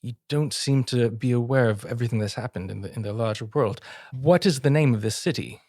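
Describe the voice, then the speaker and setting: A man playing in a tabletop game, speaking earnestly and haltingly, with easy laughter. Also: mid-range voice, darkish tone, no room sound, studio quality. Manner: earnest, hesitant, laughs easily. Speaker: player.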